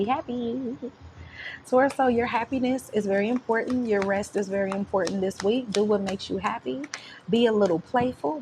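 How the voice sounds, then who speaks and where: A woman talks through a tarot reading in a loose, chatty way, playful and affirming as she goes. Her voice sits at an ordinary middle pitch. A faint hiss of noise runs under the recording. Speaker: tarot reader. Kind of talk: casual tarot reading to camera.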